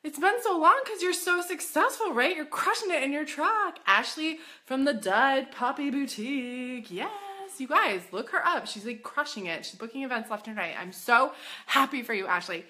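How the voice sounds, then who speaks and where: A woman coaching boutique owners in a casual live stream, bubbly and excitable, chatty and full of "like.". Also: high-pitched, moderate pace. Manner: chatty, says "like" often.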